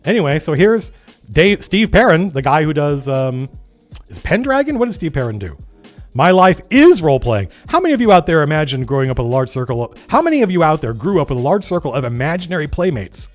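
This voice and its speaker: A man hosting a casual livestream with a voice that sits high for a man and jumps lively across its range. He reads old game zines aloud and keeps interrupting himself with rambling asides. Faint music plays underneath. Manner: animated, rambling, breaks off to comment. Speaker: livestream host.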